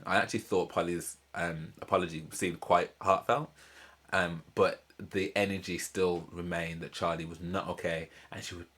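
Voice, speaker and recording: A young man, casually commenting and ranting while reacting to a reality show. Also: deep voice. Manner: animated, ranting, slangy, repeats himself. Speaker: reaction channel host.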